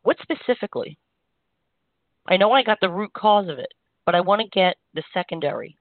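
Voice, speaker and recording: Gentle woman healer on a phone line. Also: fairly low pitch, lively intonation, a little fast, dry recording. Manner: gentle, reassuring, meandering with frequent "you know". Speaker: energy healer and show host. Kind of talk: spiritual guidance on a call-in show. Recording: dry, tinny phone-line sound.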